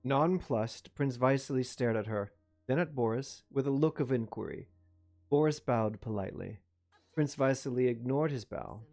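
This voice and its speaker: A man's voice: medium pitch, darkish tone. Man reading a novel aloud. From United States. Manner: reads steadily, breaks off into chatty self-mocking asides. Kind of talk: reading aloud on a live stream.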